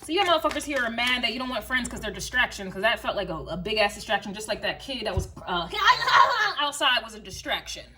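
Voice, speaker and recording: A woman's voice: a little high, animated, quick pace, few pauses, pushed and bright, a little hiss or hum. Blunt, profane woman giving a tarot reading. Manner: blunt, profane, sing-song repetitive chanting. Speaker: tarot and astrology reader. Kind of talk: casual collective tarot reading.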